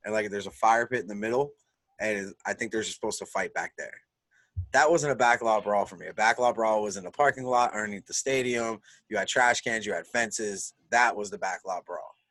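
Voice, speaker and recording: A man's voice: on the low side, a bit bright, no room sound. A man co-hosting a wrestling podcast in casual chat, enthusiastic and peppering his talk with "man" and "dude". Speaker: podcast co-host.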